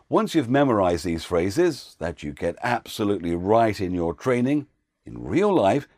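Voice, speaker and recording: A man who works as a voiceover coach, giving an instructional talk with clear, patient explanations. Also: fairly low pitch, a little mellow, dry recording, studio quality.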